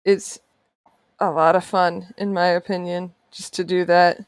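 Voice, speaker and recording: A woman's voice: fairly low pitch, flat delivery, measured pace, clear, resonant tone, no room sound, studio quality. A woman artist chatting casually while she draws on a livestream, playful and sarcastic, often laughing. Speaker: artist streamer. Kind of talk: casual chat while drawing on stream.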